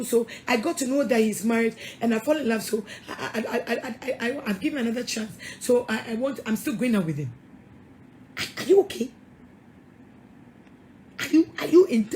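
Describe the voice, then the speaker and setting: A woman's voice: sits high, darkish tone, a little hiss or hum. A middle-aged woman pastor with a Ghanaian English accent, giving an emphatic, scolding sermon-style talk with frequent laughs and repeated words.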